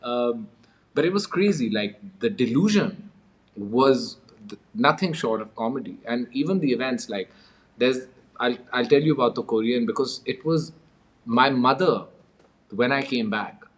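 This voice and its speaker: A man's voice: mid-range voice, animated, measured pace. A man from Pakistan, an interview guest telling his story in a wry, amused way and chuckling often. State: coughing with a cold. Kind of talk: conversational storytelling.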